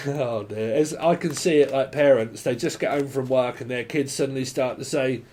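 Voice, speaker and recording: A man's voice: mid-range voice, normal speed, few pauses, a little mellow. A man giving a casual, rambling tarot reading, often swearing and laughing. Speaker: tarot reader.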